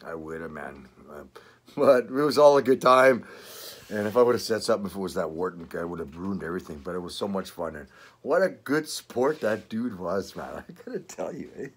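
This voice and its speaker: A man's voice: low-pitched, expressive, fairly quick, husky. An older man with a Canadian accent, chatting casually in a vlog, rambling, swearing and laughing often. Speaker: vlogger. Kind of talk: casual chat.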